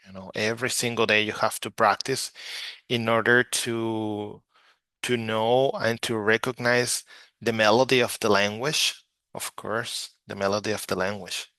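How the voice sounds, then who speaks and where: Male language teacher from Mexico, lowish bright voice, unhurried, repeats words for learners. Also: steady tone, dry recording. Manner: slow, patient, repeats words for practice. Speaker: Spanish teacher. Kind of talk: slide-based language lesson.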